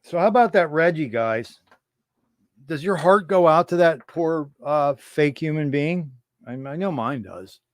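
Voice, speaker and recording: A man's voice: fairly high pitch, animated, unhurried, dry recording, studio quality. A man hosting a casual livestream, rambling in irreverent, conspiratorial banter with his chat. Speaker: livestream host.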